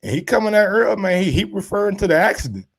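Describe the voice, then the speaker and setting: A man hosting boxing commentary, reacting to social media posts in animated, slangy casual talk with drawn-out exclamations. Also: sits high, gravelly.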